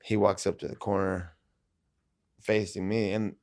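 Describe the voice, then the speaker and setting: A man's voice: low-pitched, level tone, a little slow, darkish tone. A man telling stories as a podcast guest, laid-back and full of swearing. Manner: profane, laid-back, rambling. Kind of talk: casual storytelling.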